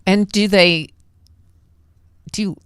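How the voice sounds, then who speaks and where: A woman's voice: mid-range voice, fairly even intonation, slow pace, clear, resonant tone, dry recording, studio quality. Chatty woman host asking eager questions. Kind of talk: casual chat.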